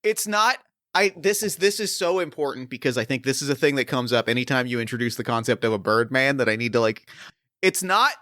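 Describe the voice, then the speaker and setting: A man hosting a tabletop role-play podcast as game master, laughing often and talking in an excitable way. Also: medium pitch, a little fast, no room sound, clean studio sound.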